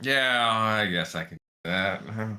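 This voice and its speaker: A man's voice: on the low side, normal speed, pushed and bright. A man doing a surly, suspicious rat. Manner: gruff, wary, drawling.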